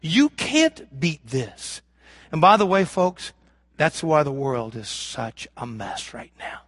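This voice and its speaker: Fervent high-voiced man preaching. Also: very animated, slow pace, breathy edge, no echo. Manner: fervent preaching, swinging from loud emphasis to hushed lows; acts out imagined prayers and voices of the congregation. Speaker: pastor. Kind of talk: sermon.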